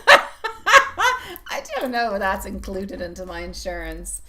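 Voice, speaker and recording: Bright-voiced, chatty woman reading tarot. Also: mid-range voice, huge pitch swings, slow pace. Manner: chatty, affectionate, laughs often. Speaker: tarot reader. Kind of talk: live-stream tarot reading.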